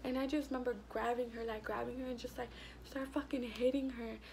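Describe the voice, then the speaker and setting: A woman's voice: fairly high pitch, fairly even intonation, brisk, gravelly, a little mellow, slight background noise. A young woman telling a blunt, profane storytime about school fights in a casual vlog. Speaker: vlogger.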